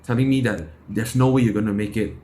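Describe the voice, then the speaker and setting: A young Malaysian man, a self-improvement YouTuber, delivers a blunt, impassioned motivational monologue full of swearing, rapid rhetorical questions and repeated words. His voice is lowish, fast and mellow, with slight background noise.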